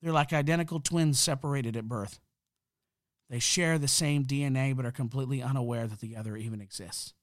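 A man's voice: mid-range voice, fairly quick, no room sound. A man hosting a podcast, delivering a fired-up, emphatic, preacherly monologue into a close mic. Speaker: podcast host.

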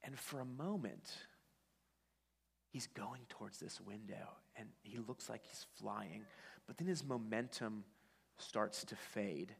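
A man's voice: on the low side, slow pace, creaky, husky. A man preaching a sermon, telling a story conversationally with frequent restarts. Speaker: pastor. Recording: long church-hall reverb.

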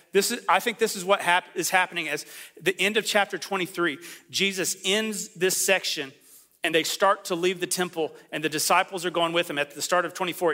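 A man preaching a sermon as a pastor, talking in a conversational, animated way and acting out the voices he quotes. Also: fairly high pitch. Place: church sanctuary. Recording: long hall reverb.

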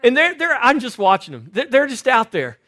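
A man preaching a sermon as pastor in a church, telling stories animatedly and swinging from loud to hushed. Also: very high-pitched, huge pitch swings, fairly quick, dry recording. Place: church sanctuary.

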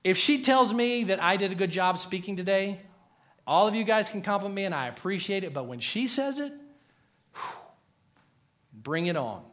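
A middle-aged man preaching a sermon to a congregation in a joking, animated way, swinging from loud punchlines to quiet, earnest asides. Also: high-pitched, moderate pace, long pauses. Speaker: pastor.

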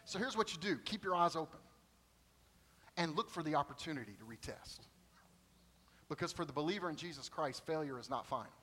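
A middle-aged man preaching a sermon, telling stories in an animated way and acting out quoted voices. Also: high-pitched, slight background noise, poor audio. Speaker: pastor.

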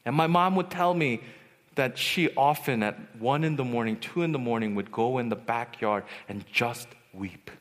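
A man giving a personal testimony as a retreat speaker, storytelling and swinging from hushed to loud. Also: medium pitch, normal speed. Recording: long hall reverb.

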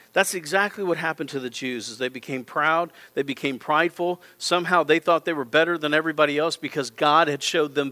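A middle-aged man preaching to a congregation in a church auditorium. His voice sits high and sounds bright and forceful. He hammers his points with repeated phrases and direct appeals to the people in the pews. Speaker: pastor. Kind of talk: sermon.

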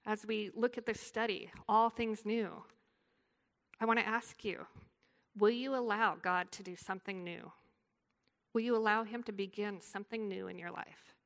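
A woman leads a devotional talk for a women's group, telling a story earnestly and then praying. Her voice sits at a middling pitch with a noticeable gravelly fry. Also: steady tone, moderate pace. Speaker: women's ministry speaker.

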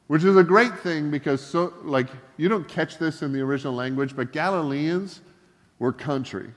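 Animated male preacher in a reverberant hall. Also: a little high, moderate pace. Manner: animated storytelling with voiced quotes. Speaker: pastor. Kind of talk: sermon.

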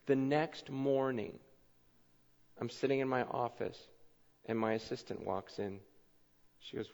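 Animated man preaching in an echoey hall. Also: medium pitch, a little slow, vocal fry, long pauses. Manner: animated, excitable, many fillers and restarts. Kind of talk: sermon storytelling. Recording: echoey hall, dull lo-fi sound.

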